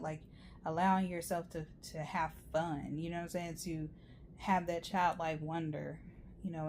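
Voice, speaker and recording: A woman's voice: low-pitched, darkish tone, slight background noise. A woman giving a rambling, chatty tarot reading, full of fillers and asides. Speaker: tarot reader. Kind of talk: casual tarot reading monologue.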